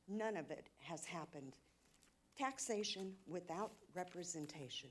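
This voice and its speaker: A woman's voice: on the low side, expressive, measured pace, slight background noise. A woman giving an emotional, indignant public comment at a city council meeting. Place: council chamber.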